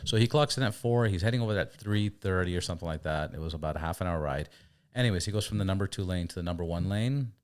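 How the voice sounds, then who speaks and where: A man hosting a casual podcast, telling stories in an animated way. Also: deep voice, fast. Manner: animated storyteller. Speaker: podcast host.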